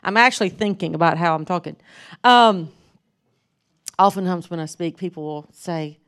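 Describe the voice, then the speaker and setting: A woman from North Mississippi with a Southern accent, giving a casual sermon as a guest speaker, speaking slowly and deliberately with frequent ums. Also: on the low side, a bit bright, clean tone. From North Mississippi, USA.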